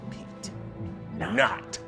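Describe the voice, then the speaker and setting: An actor playing a furious young woman sorority officer who rants and swears in a dramatic reading over music. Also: drawn-out words. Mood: seething. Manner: profane, seething, building to screaming. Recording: loud music under the voice.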